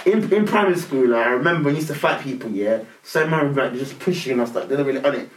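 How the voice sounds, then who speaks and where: A man, telling a childhood story on a podcast in a lively, slang-heavy way, laughing often. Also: mid-range voice, quick pace, crowd noise. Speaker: podcast co-host. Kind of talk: casual chat. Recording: roomy sound from a distance with noise.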